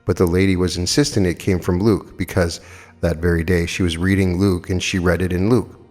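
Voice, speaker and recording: A man's voice: sits low, little pitch movement, brisk, darkish tone, long reverb tail. A man in his fifties giving a spiritual lecture, telling anecdotes earnestly and emphatically with rhetorical questions. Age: 50s. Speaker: metaphysical lecturer.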